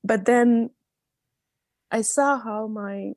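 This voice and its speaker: Woman, gravelly voice, mellow tone, dry close sound, heartfelt personal storytelling on a video call. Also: a little high, very slow, no room sound. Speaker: book club participant. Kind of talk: personal sharing at an online book reading.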